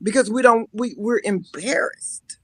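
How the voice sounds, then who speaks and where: Animated woman telling stories with laughs. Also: fairly high pitch, measured pace, breathy edge, no echo, rough recording. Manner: lively storyteller, laughs often, mock-scolding asides. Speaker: guest. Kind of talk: emotional casual talk-show chat. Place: live stream call.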